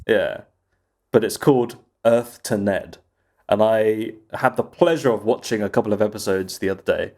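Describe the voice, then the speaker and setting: A man's voice: on the low side, moderate pace, darkish tone. A man co-hosting a casual podcast chat, rambling through stories and laughing often. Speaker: podcast co-host.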